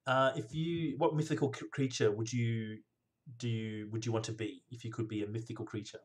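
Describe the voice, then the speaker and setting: A man hosts a casual interview with plenty of energy, nodding along with quick "yes" and "love it" replies. His voice sits at a middle pitch and stays friendly and upbeat. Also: steady tone. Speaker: podcast host.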